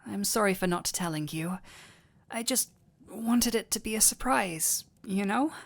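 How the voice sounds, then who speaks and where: A woman's voice: medium pitch, unhurried, vocal fry. A woman voicing a doting headless dullahan boyfriend. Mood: affectionate. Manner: tender, giddy and affectionate, playful self-teasing. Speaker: voice actor. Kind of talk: audio role-play for a listener.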